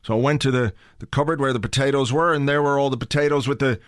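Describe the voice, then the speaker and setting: A man's voice: mid-range voice, steady tone, fast, no echo, clean studio sound. A man hosting a podcast from his home office, chatting casually in a rambling way, with comic asides and plenty of swearing. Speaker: podcast host. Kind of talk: casual chat. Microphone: home office mic.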